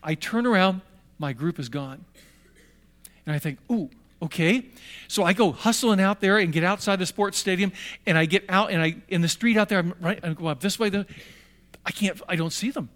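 A man's voice: high-pitched, a little fast. An older man telling a personal story to young listeners, acting out the voices of people in it. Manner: animated, acts out voices in his story. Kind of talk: storytelling talk.

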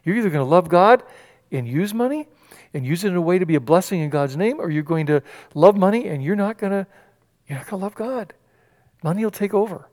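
A man preaching a sermon from the pulpit, animated, acting out the quoted voices and often restarting his sentences. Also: sits high, a little fast. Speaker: pastor. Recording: long hall reverb.

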